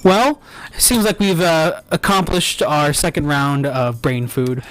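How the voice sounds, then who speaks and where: A man's voice: a little high, animated, a little slow. A man hosting a comedy live stream, bantering in a mock-earnest, theatrical way. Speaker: host.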